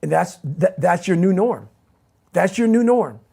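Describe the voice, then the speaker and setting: A man's voice: high-pitched, lively intonation, unhurried, vocal fry, dark tone, slightly rough. A man giving a motivational interview as the guest, speaking intensely and emphatically and repeating his key phrases.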